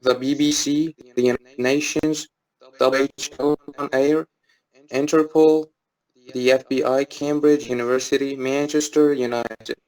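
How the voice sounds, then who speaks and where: A man's voice: mid-range voice, level tone, measured pace, darkish tone, low-quality recording. Man reading a textbook aloud. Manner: reads steadily with small restarts on words. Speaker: student.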